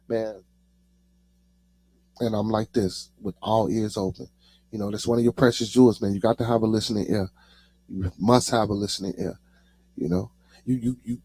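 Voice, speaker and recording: A man's voice: mid-range voice, a little mellow, no echo. A man with a Chicago accent hosting his own podcast, talking casually to his chat and saying "man" after nearly every phrase. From United States. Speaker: podcast host.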